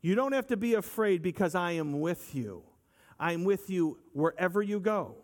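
Earnest male preacher with a higher voice. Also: expressive, moderate pace, darkish tone. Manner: earnest, repeats phrases, asks the listeners for agreement. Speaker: pastor. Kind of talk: sermon.

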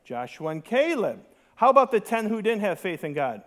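A man's voice: high-pitched, big pitch swings, moderate pace. A man preaching a sermon, reading scripture aloud and adding sarcastic asides, mocking the complainers in a dramatic voice. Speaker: pastor.

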